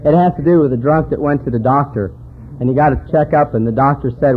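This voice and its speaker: A man's voice: mid-range voice, fast, slight background noise. Folksy man telling jokes at a conference. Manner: folksy joke-telling storyteller. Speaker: conference speaker. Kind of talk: recovery meeting talk with jokes. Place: conference hall. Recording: tinny phone-like hall recording.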